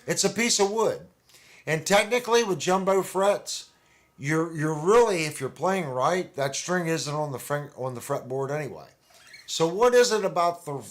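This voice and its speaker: A man's voice: fairly high pitch, animated, measured pace. A man hosting a casual livestream, chatting in a rambling, conversational way with restarts. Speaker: livestream host. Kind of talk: casual chat about guitars.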